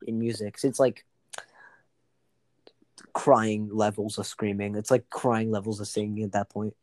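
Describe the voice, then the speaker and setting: A man's voice: fairly low pitch, little pitch movement, a little slow, a little mellow, no room sound. Young man, casual rambling chat, full of fillers, dry close recording.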